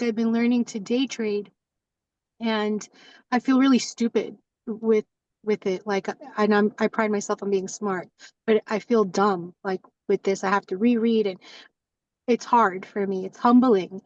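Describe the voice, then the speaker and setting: A woman's voice: a little high, dry recording, recorded from a distance, dull audio. A woman sharing openly in casual talk, rambling with many fillers and acting out her own thoughts. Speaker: community member sharing.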